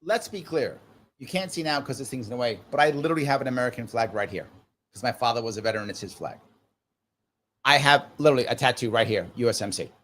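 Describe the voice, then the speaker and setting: A man's voice: mid-range voice, fast talker. A middle-aged man hosting a live political discussion, talking emphatically and hammering his points home through repetition. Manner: emphatic and animated, repeats points. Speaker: host.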